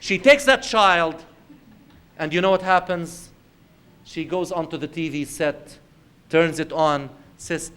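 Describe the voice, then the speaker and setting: High-voiced male Islamic lecturer. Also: takes it slowly, pauses often, fairly bright tone, clean tone. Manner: conversational storytelling with acted quotes, addresses the audience directly. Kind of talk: lecture to a congregation.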